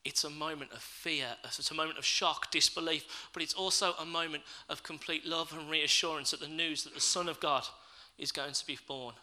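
Male preacher, very bright tone, slightly high voice, reflective sermon full of questions. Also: steady tone, moderate pace, hardly any pauses, poor audio. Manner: reflective, asks the listeners questions. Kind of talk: sermon with scripture reading.

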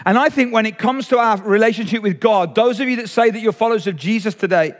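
This high-voiced pastor talks fast, addressing both his congregation and online viewers directly in a conversational sermon. A long reverb tail hangs on his words in the church hall as it streams online.

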